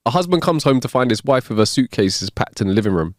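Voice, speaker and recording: Animated man telling jokes. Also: medium pitch, fast talker, no echo, studio quality. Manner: storytelling, laughs at his own punchlines. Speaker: podcast co-host. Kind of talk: joke telling.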